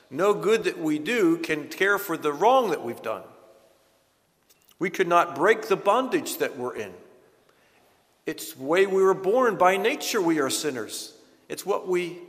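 A man preaching a sermon in an earnest, emphatic way, slowing down to stress key words. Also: fairly high pitch, a bit bright, long reverb tail. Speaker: pastor.

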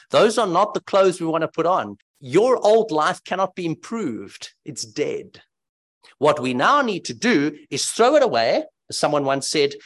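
A man preaching an expository sermon, emphatic and animated, asking rhetorical questions. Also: on the high side.

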